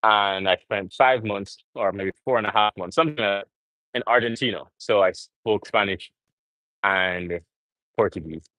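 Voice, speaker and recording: A young man with a fairly low voice talks casually and earnestly to his live viewers between sets at the gym. His delivery rambles and he speaks straight to the audience. The sound is close and dry, with little room echo. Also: normal speed, sharp tone. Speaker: vlogger livestreaming from the gym. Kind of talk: casual live-stream chat.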